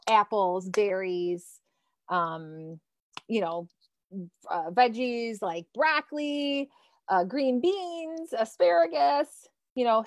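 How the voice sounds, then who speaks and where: A high-pitched woman in her thirties, teaching as a nutrition coach in an animated, loose way that drops swear words and reacts to comments. Her voice sits close and dry on the mic, with no room around it. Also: dry recording. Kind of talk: live-streamed coaching talk.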